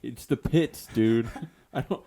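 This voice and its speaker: A man co-hosting a podcast, animated and laughing in casual banter. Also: mid-range voice, slow, vocal fry, crowd noise. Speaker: podcast co-host. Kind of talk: casual chat.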